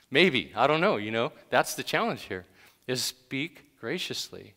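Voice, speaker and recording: A man's voice: mid-range voice, lively intonation, a little slow, bright, forceful tone, in a large hall. A man preaching a sermon in a conversational way, with sudden emphatic bursts. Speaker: pastor.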